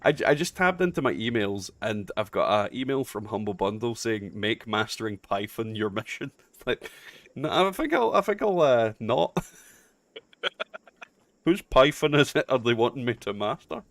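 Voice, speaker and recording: A man's voice: lowish voice, normal speed, fairly bright tone, no echo. A man with a Scottish accent, chatting and bantering casually while playing a game, swearing freely and laughing often. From Scotland. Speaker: streamer.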